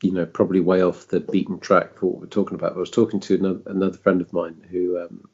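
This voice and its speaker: Low gravelly southern English man. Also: level tone, fast, a little mellow, dull audio. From south of England. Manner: rambling, hesitant storytelling with frequent swearing. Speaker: podcast host. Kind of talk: casual chat.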